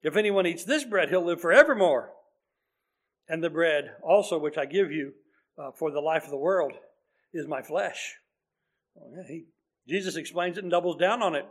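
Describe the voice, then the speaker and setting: High-voiced man preaching a sermon. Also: normal speed, long pauses. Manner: earnest, conversational preaching with scripture reading.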